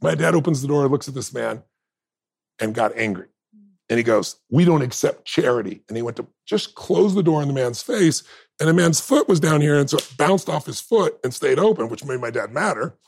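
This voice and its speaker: A man with a gravelly, husky voice speaks as a podcast guest. He tells his story intensely and emphatically, pushing hard on key points. The rasp stays in every phrase. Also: on the high side, lively intonation, brisk, a little mellow. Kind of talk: storytelling in an interview.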